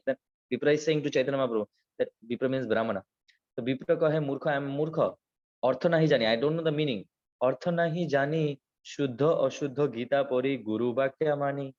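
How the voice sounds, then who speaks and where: Animated man teaching a devotional class. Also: mid-range voice. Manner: animated storytelling, acts out quotes, chants verses quickly. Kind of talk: Gita class lecture. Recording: slightly dull lo-fi recording.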